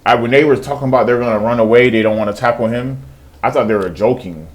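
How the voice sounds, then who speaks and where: A man's voice: mid-range voice, fast. A man who trades stocks tells a story in a casual, profane way, slipping into quoted voices as he goes. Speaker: day trader.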